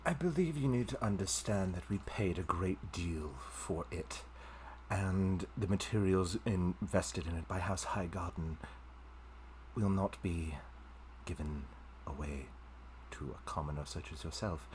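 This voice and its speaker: A man voicing a cold, haughty noblewoman in a live-streamed tabletop game, speaking in a measured, condescending way. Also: deep voice, a little mellow, a little hiss or hum. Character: cold, haughty noblewoman demanding her property.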